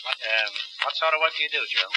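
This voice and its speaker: A man hosting a radio quiz show, teasing contestants with quick deadpan quips. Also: medium pitch. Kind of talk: wisecracking quiz show banter. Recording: hissy 1950s radio broadcast.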